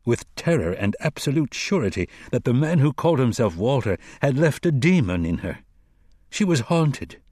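A man narrating a dark fantasy audiobook in a measured, dramatic reading. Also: mid-range voice, no room sound, studio quality. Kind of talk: scripted narration.

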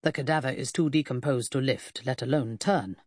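A woman's voice: a bass voice, brisk, a little mellow, no room sound, studio quality, pitched below the performer's own voice. A woman voicing a curt, pedantic male detective. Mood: clinical. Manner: curt, clipped and precise. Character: stern pedantic middle-aged male detective. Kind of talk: audiobook character voice.

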